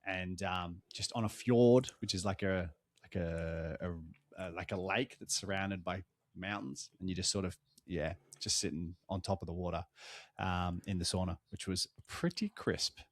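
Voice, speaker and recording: A man's voice: low voice, moderate pace, no room sound, studio quality. A young Australian man, tired after a long trip, telling stories in a casual chat, swearing freely as a podcast co-host. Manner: swearing, animated storytelling.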